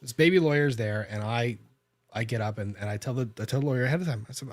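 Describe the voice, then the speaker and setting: A man's voice: medium pitch, animated, quick pace, no room sound. A man, a lawyer hosting a podcast, telling a story in a casual, conversational way with frequent restarts and self-corrections.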